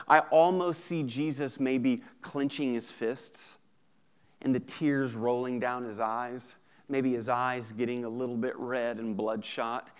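A man preaching a sermon in a fairly high voice, taking his time over the words. He swings between loud bursts and hushed, intense stretches, breaking off for casual asides to the congregation. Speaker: pastor.

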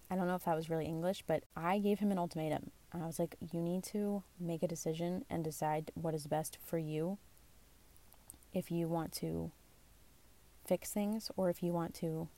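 Candid young woman with gravelly low voice. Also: fairly even intonation, normal speed, long pauses, dark tone. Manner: candid, rambling, self-deprecating, lots of fillers. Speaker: vlogger. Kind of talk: casual confessional storytelling. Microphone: phone or basic mic.

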